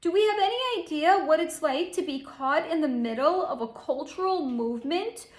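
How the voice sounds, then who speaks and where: A woman's voice: sits high, lively intonation, moderate pace, voice pushed up. A woman putting on a mocking, sing-song voice for a delicate, self-pitying young woman. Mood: mocking whiny. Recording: roomy echo.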